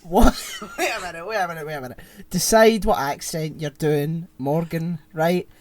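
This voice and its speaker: A man's voice: fairly high pitch, normal speed, dry recording. A young man co-hosting a podcast, joking and laughing often in casual chat. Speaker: podcast co-host.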